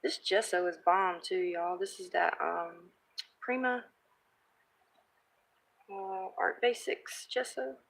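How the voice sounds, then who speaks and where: A woman's voice: fairly low pitch, takes it slowly, creaky, long pauses. A woman crafting vlogger chatting casually as she works and thinks aloud, reading viewer comments. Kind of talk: casual live-stream crafting chat.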